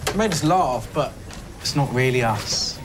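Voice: mid-range voice, expressive, measured pace, lightly acted. An actor playing an offhand, teasing worker at a music paper, in a film clip.

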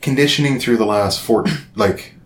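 A man in his thirties from Nova Scotia, telling a story in a casual chat, animated and profane, acting out quotes. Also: medium pitch, normal speed.

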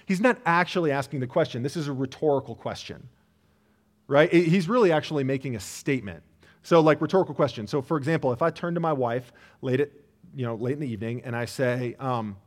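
A man's voice: a little high, lively intonation, fairly quick. A man preaching a sermon in an earnest, conversational way, often restarting and saying "like.". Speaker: pastor. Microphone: church sermon recording.

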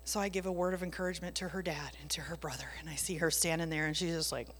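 A woman's voice: sits low, fairly even intonation, rapid-fire, a bit bright, slight background noise. A woman sharing a casual faith testimony, telling it with animation and dropping into whispers for emphasis. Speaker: Christian speaker sharing a testimony. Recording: long reverb.

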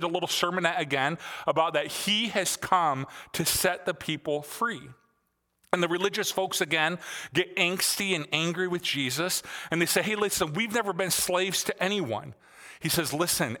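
A man's voice: a little high, pushed and bright, big-room sound. A male pastor preaching a sermon in a conversational way, with frequent fillers.

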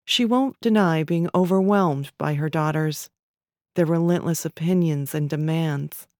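Woman, low voice, literary fiction reading, measured, dry close recording. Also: darkish tone, no echo. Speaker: narrator.

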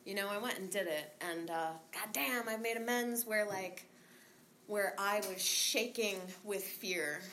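Woman rambling through her recovery story, swears a lot, laughs, bright voice, little bit of hiss behind. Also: mid-range voice, a little slow. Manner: candid, swears freely, laughs often; rambling with many fillers. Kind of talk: casual spoken recovery story.

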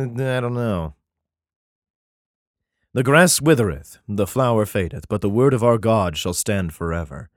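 A man's voice: mid-range voice, no echo, clean studio sound. Sarcastic man reading scripture aloud. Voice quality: profane, sarcastic asides. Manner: reads verses slowly and solemnly, then quips. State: congested, clearing his throat. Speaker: scripture reader and commentator. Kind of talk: bible reading with irreverent commentary.

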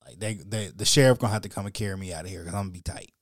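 A male podcast host telling a story solo in a casual, animated, slangy and wry way. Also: fairly low pitch, rapid-fire, dry recording, clean studio sound.

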